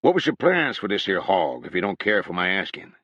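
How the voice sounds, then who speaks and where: A man voicing a stern older rural hog owner from who speaks in a slow, dry drawl. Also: low voice, very animated, fairly bright tone, no echo, highs cut off, heavily acted. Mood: dry shrewd.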